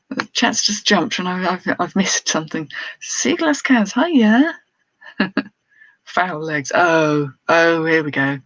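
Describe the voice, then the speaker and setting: A UK woman who resells clothes chats casually on a live stream while showing items, laughing often and reading out viewer comments. Her voice is fairly low-pitched, and the sound is lo-fi with no echo.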